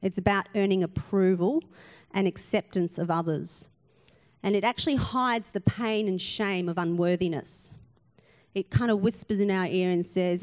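A woman's voice: medium pitch, normal speed, a little mellow. A woman pastor, giving an earnest sermon full of rhetorical questions and emphatic repetition.

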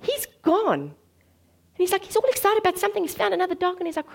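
A woman preaching a sermon, telling stories in an animated way and acting out the voices in them. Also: very high voice, fairly quick, vocal fry. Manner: animated storytelling, acts out voices.

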